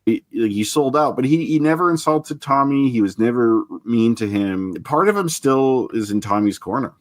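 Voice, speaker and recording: A man's voice: mid-range voice, animated, moderate pace, no room sound, studio quality. A man co-hosting a film podcast, chatting casually with lots of "like" and easy laughter. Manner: easygoing, filler-heavy, laughs often. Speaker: podcast co-host.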